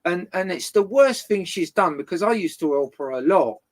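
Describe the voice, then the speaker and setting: In casual chat, a guest tells a long story about a feud with a neighbour, swearing constantly. His mid-range voice is loud and lively, moving at a moderate pace through an animated retelling.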